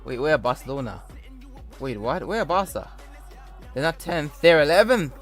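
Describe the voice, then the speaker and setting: A man's voice: mid-range voice, animated, unhurried, fairly bright tone, soft background music. A young man commentating a football video game, mixing sports-caster calls with rambling jokey asides. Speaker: gaming YouTuber. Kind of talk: casual gameplay commentary.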